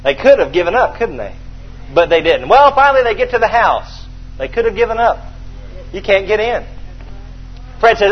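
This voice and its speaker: A man's voice: high voice, normal speed, pauses often, husky, lo-fi sound. A man preaching a sermon, acting out a Bible story and calling on the congregation to respond. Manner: animated storytelling, acting out scenes, calls for response.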